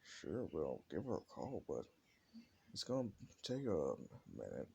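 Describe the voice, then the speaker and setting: A man voicing a friendly police officer in a casual, polite manner with a lifted pitch. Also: huge pitch swings, unhurried, creaky, mellow, slight background noise, heavily acted. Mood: reassuring.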